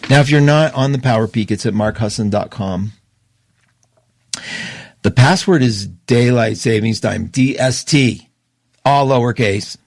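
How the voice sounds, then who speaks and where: A man hosting an astrology show, talking casually and emotionally, opinionated and quick to laugh. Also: medium pitch, a little mellow, no room sound, studio quality. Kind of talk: casual livestream talk.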